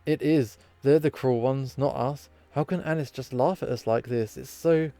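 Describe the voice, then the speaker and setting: A man's voice: mid-range voice, moderate pace, dark tone, no room sound, faint music behind, natural voice. A man voicing a touchy young female reindeer girl in a game reading, who swings between indignant and tearful. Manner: indignant, then tearful and babbling.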